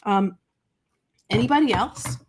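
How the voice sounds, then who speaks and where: A woman's voice: mid-range voice, measured pace, a little mellow, slight background noise. A woman hosting a live crafting tutorial, chatty and gushing, talking to her chat between coughs from a summer cold. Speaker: host of a live papercraft show.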